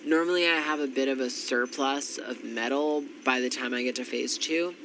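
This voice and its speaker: A man's voice: mid-range voice, normal speed, fairly bright tone, slight background noise, poor audio. A congested, tired man giving casual gameplay commentary, thinking aloud with frequent ums. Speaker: strategy game commentator.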